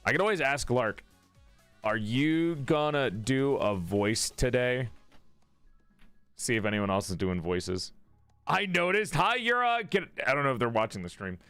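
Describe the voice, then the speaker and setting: A man's voice: mid-range voice, lively intonation, unhurried, a bit bright, clear, resonant tone, no room sound, soft background music. A male live streamer in casual chat who laughs, swears, greets his viewers and keeps repeating one line to practice an accent.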